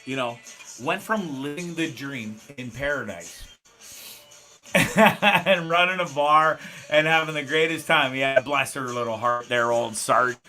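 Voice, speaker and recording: A man's voice: mid-range voice, measured pace, pushed and bright. A middle-aged man from Canada, hosting a live show in a loose, rambling, profane way, laughing often and restarting sentences. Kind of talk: rambling live-stream chat. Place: small home studio. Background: faint background music.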